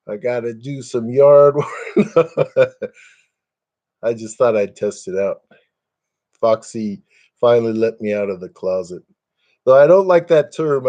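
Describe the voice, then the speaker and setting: A man's voice: mid-range voice, dark tone. An older man chatting casually on a webcam live stream at home, rambling and self-deprecating, chuckling often.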